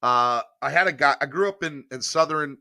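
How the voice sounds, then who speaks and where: A man in his thirties from rural North Carolina, hosting a casual sports podcast and telling stories with animated emphasis. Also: on the high side, a little fast, dry recording, studio quality. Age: 30s.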